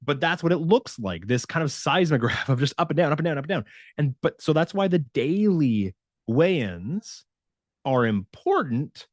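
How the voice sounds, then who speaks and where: A man working as a fitness coach addresses his viewers directly in a casual, conversational, animated style, dramatizing the quotes. His voice is a little high, his speed normal, and the recording is dry with clean studio sound.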